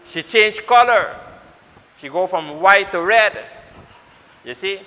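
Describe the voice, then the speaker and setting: A male pastor preaches to his congregation, his bright, high voice ringing through a church hall with long reverb. He drives his point home with insistent repetition and speaks straight to his listeners. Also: lively intonation, slow pace. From Suriname. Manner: repetitive, exhorting, addresses congregation directly. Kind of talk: sermon.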